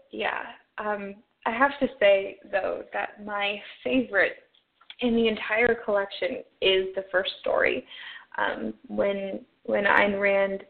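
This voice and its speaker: Halting woman with a gravelly voice. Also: medium pitch. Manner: halting, full of fillers and restarts. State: struggling, low on energy. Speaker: book reviewer. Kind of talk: casual spoken review with a read excerpt. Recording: tinny phone-like audio.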